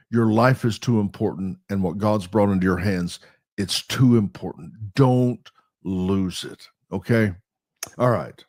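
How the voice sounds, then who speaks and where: A middle-aged man with a low voice, preaching on his podcast with punchy emphasis. His delivery swings from fired up to soft and confiding. The sound is close and dry. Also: no echo. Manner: emphatic, animated, laughs at himself. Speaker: pastor and podcast host. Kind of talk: sermon-like podcast talk.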